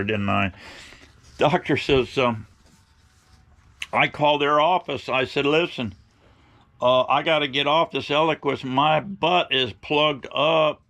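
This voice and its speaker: A man's voice: mid-range voice, creaky, a bit bright. A middle-aged man telling rambling, folksy stories to his viewers, blunt and opinionated. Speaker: outdoor vlogger.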